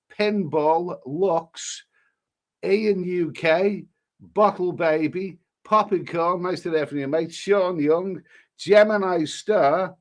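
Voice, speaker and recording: A middle-aged man from England hosting a casual live stream, reading out viewer names and messages and chatting about them. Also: high voice. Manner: rambling, chatty, reads out usernames and messages.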